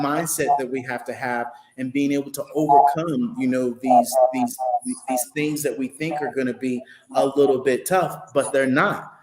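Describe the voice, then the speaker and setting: A man's voice: medium pitch, reverberant. A man, a guest entrepreneur, talking in a motivational way and repeating phrases for emphasis. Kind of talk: motivational interview talk.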